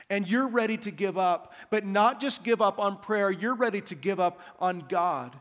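A man preaching a sermon as senior pastor, repeating key phrases in a slow, emphatic cadence. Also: high voice, fairly bright tone, long reverb tail.

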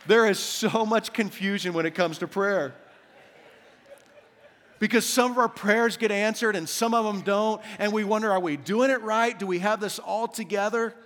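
A man preaching a sermon as senior pastor, repeating key phrases in a slow, emphatic cadence. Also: high-pitched, a bit bright, big-room sound.

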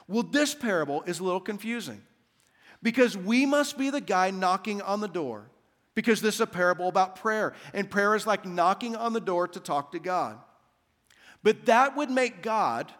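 A man's voice: high voice, a bit bright. A male senior pastor preaching a sermon, conversational and humorous, with rhetorical repetition. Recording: long hall reverb.

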